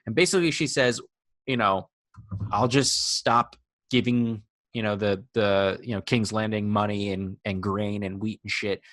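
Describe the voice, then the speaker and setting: Young dude rambling on a podcast, lots of um and like, kinda low, dry close sound. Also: male voice, steady tone, moderate pace, a bit bright, dry recording. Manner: rambling, argumentative, heavy filler words. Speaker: podcast co-host. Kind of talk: casual chat.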